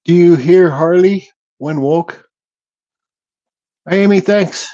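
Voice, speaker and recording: A man with a fairly high but mellow voice talks loosely through a livestream, greeting viewers and reading their comments aloud. His speech is relaxed and a bit mumbled, and the sound is slightly dull and lo-fi. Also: takes it slowly. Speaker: livestream host. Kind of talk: casual livestream chat.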